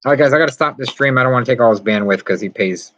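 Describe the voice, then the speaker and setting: A man's voice: mid-range voice, very fast, fairly bright tone, highs cut off. A man hosting a casual live stream from inside a yurt, rambling and chatting as he answers viewer comments. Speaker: vlog host.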